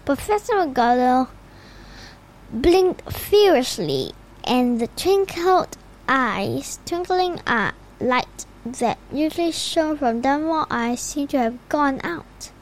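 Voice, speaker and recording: A woman reading a children's storybook aloud in an unhurried way, with occasional slips and restarts. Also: sits high, big pitch swings, poor audio. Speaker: reader.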